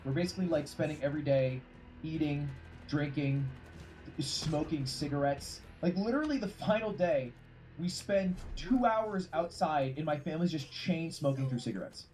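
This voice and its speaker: A man's voice: fairly high pitch, expressive, moderate pace, a little mellow. A man streaming a game, telling a rambling, profane story in casual chat. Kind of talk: casual storytelling while gaming. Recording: game gunfire noise under voice. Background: game gunfire and ambience.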